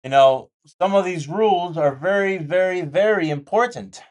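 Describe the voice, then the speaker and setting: Candid trading vlogger, mid-pitched voice. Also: normal speed, a little mellow. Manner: candid, repeats points for emphasis; jokey asides, mimes chart as it draws. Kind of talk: casual motivational talk while sketching.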